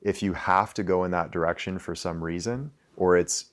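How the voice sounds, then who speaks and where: A man's voice: deep voice, fairly even intonation, normal speed. A man in his thirties talking loosely to a live audience, full of "like" fillers and the odd swear word. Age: 30s. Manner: loose and conversational, with frequent "like" fillers and profanity. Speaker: speaker addressing a live audience. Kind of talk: casual talk to an audience.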